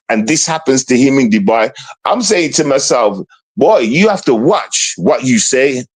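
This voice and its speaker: Animated, swearing man ranting. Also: mid-range voice, low-quality recording. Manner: animated, swearing, rhetorical questions. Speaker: streamer ranting on news. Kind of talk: heated casual commentary.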